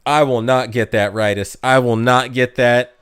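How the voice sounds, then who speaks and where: A man's voice: mid-range voice, fairly even intonation, moderate pace, fairly bright tone, clean tone. A man streaming live, chatting casually with viewers, reading out their comments, laughing often and tripping over his words.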